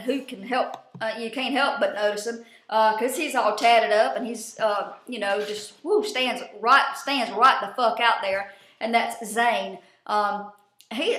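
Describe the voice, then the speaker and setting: Woman, chatty TV recap, swears freely, fairly high bright voice, echoey room. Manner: chatty, swears freely, folksy Southern-ish slang. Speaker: show recap vlogger. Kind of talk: casual profane TV recap.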